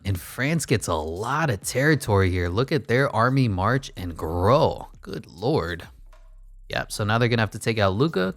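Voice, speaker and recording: A man's voice: lowish voice, no echo. A young man giving casual, joking play-by-play commentary on a basketball video game, rattling off player stats. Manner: jokey play-by-play with quick stat rundowns. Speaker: gaming YouTuber.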